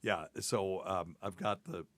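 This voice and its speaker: A man's voice: deep voice, takes it slowly, no echo. A man hosting a podcast as a doctor, telling a rambling, self-deprecating story in casual chat and laughing at himself.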